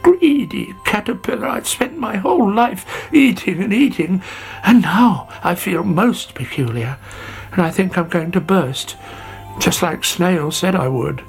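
A man voicing a greedy, cheeky young male caterpillar in a storybook, with a high whiny voice. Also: lively intonation, measured pace, soft background music. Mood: miserable.

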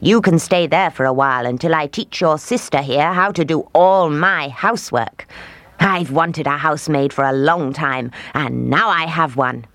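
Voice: mid-range voice, moderate pace, fairly bright tone, no room sound, lightly acted. A storyteller voicing a bossy, scheming old witch who snaps and scolds. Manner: snapping, snarling, scolding.

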